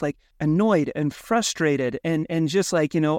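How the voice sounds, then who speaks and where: Animated man telling stories on a podcast. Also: fairly high pitch, moderate pace, few pauses, no room sound, clean studio sound. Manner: animated storyteller, acts out his own thoughts. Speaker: podcast co-host. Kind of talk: casual podcast chat.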